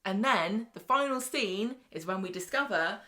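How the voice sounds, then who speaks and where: A woman's voice: medium pitch, lively intonation, sharp tone. Chatty woman recapping a soap. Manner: chatty storyteller, quick quoted asides, often laughing. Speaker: podcast co-host. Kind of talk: casual soap-opera recap chat.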